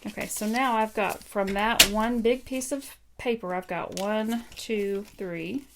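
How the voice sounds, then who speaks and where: In a very noisy recording, a woman with a mid-range voice speaks a little slowly as she casually demonstrates card making on a live stream. She thinks out loud with frequent ums and asides to her viewers in this relaxed craft tutorial.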